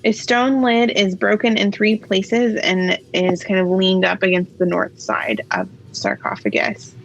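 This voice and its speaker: A woman running a tabletop game as game master, narrating in a relaxed way with many pauses and fillers. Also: medium pitch, gravelly. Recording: slightly dull, faint noise.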